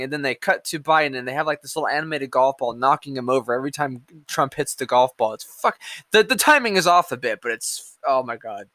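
A man's voice: mid-range voice, sharp tone, no room sound. A man hosting a podcast, ranting casually about politics, sarcastic and profane, drifting off into hummed filler between stories. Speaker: podcast host.

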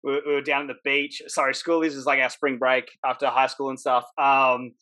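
A man's voice: mid-range voice, level tone, a little fast, pushed and bright. A young man, a podcast guest, telling stories in casual chat and laughing as he goes. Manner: laughing storyteller.

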